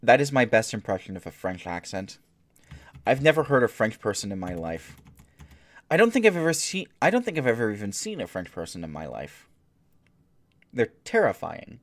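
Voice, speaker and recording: A man hosting his own show, reading news articles aloud and breaking off for dry, sarcastic asides in an unhurried, halting way. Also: fairly low pitch. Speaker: streamer and host.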